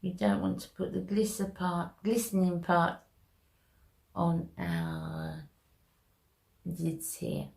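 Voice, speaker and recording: Woman, makeup tutorial vlogger, chatty step-by-step, low-ish voice, slow pace. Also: big pitch swings, creaky, a little mellow. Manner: chatty, step-by-step, addressing viewers as guys.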